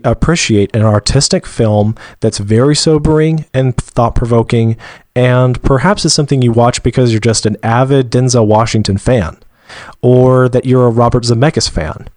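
A man from Georgia co-hosting a podcast, talking through a movie review in a measured way and searching for words as he goes. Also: mid-range voice, a little mellow, dry recording, clean studio sound. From Georgia, USA. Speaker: podcast co-host. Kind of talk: casual movie review discussion.

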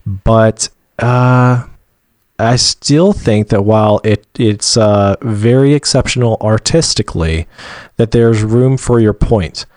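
A man from Georgia co-hosting a podcast, talking through a movie review in a measured way and searching for words as he goes. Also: on the low side, a little mellow, no echo, clean studio sound. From Georgia, USA. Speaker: podcast co-host. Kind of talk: casual movie review discussion.

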